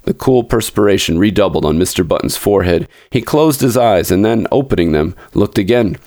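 A man's voice: fairly low pitch, expressive, brisk, a little mellow, dry recording, clean studio sound. A man reading a classic short story aloud as a podcast storyteller, in a dramatic narration that speaks to the listeners directly.

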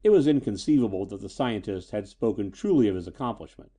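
A man narrating a scripted pulp story in an expressive, dramatic way. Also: on the low side, fast.

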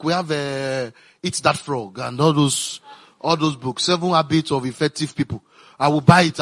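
A man's voice: on the high side, fairly bright tone. A man preaching a sermon, reading scripture aloud and breaking off into urgent, repetitive asides to his congregation. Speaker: pastor.

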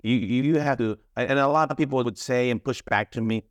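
A former trafficking investigator is a guest in an interview, talking a little fast in a mid-range voice. He's emphatic and often repeats or restarts his words.

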